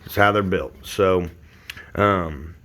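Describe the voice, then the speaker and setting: A man's voice: deep voice, takes it slowly, a bit bright. A man, a roofer and hobby car builder, rambling and cursing through a casual workshop vlog from his garage, filmed on a phone. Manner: rambling, profane, frustrated. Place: home garage.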